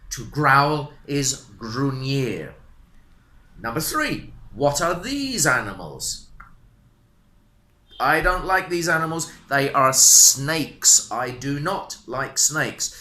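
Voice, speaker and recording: A man teaching a beginner English lesson, taking his time and repeating each word. His pitch swings up and down with a lot of life, and his voice is bright. It is recorded in a roomy, echoey space. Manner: slow, repetitive teaching, animated intonation. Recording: roomy echo.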